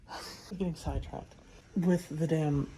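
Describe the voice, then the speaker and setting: A woman's voice: deep voice, fairly even intonation, slow, mellow, a little hiss or hum. A woman streaming from home, chatting in a loose, rambling way, swearing often and trailing off mid-thought. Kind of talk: casual rambling chat.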